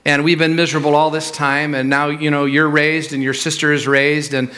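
A man's voice: on the high side, little pitch movement, a little fast, pushed and bright. A man voicing a weary, blunt old father who is fed up and exasperated. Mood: grim.

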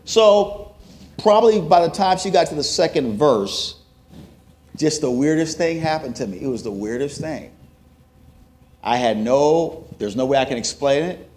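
A man giving a sermon testimony, telling a story with acted-out quotes that rise to loud, emotional peaks. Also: fairly high pitch, expressive, unhurried. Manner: self-described introvert, plain conversational delivery. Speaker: preacher.

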